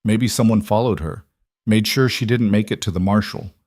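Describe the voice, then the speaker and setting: A man voicing a cold, treacherous male ranch hand with a gun, speaking calmly and bitterly. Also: fairly low pitch, moderate pace, dry recording, studio quality, close to an everyday voice.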